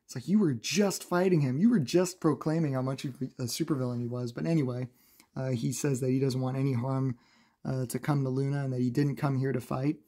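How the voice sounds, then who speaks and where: A man recapping a comic book in a casual, chatty review, laughing often and filling pauses with "uh". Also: mid-range voice, steady tone, mellow.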